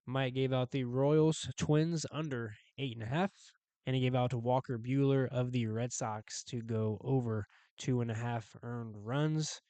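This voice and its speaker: Smooth, dry-voiced betting podcast co-host man. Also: mid-range voice, measured pace, no echo. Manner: relaxed, stat-heavy, filler "um". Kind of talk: casual sports betting chat.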